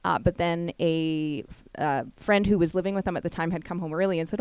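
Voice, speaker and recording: A woman's voice: fairly low pitch, steady tone, brisk, few pauses, a little mellow, clean tone, dry recording. A woman in her thirties speaking at a chapel service, telling a family story and acting out the quoted voices. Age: 30s. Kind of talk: storytelling sermon.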